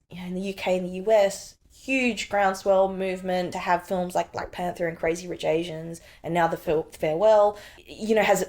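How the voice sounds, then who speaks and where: A woman in her thirties, a filmmaker and actor, talking in a casual interview with lots of "like" and "you know," telling stories animatedly and acting out her own reactions. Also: lowish voice. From Australia. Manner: animated storytelling, acts out her past reactions; frequent fillers like "like" and "you know".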